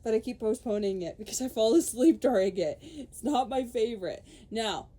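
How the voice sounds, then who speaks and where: A woman's voice: a little high, expressive, moderate pace, warm tone, slightly rough. A young woman podcaster ranting in casual chat, swearing freely, laughing and quoting people in put-on voices.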